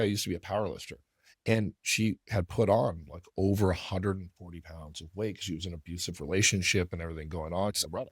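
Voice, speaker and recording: A man's voice: deep voice, no room sound, clean studio sound. A man hosting a podcast, telling a long story in a rambling, casual, profane way. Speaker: podcast host.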